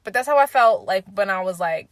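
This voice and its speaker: A woman's voice: medium pitch, brisk, no echo. A woman in her twenties speaking casually and candidly, swearing freely and acting out quoted remarks as she tells stories. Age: 20s. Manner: candid, profane, animated storytelling with quoted voices. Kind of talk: casual opinion talk.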